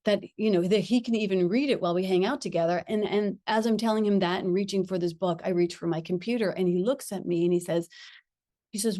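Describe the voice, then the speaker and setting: A middle-aged woman telling a personal spiritual story. She talks in an earnest, reflective way with gentle pauses and frequent small laughs. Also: mid-range voice, dry recording, studio quality. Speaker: spiritual teacher.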